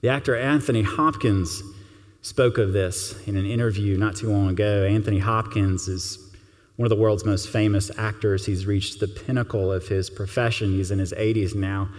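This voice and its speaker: Male pastor, low voice, earnest and gentle sermon delivery, reverberant hall sound. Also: steady tone, moderate pace.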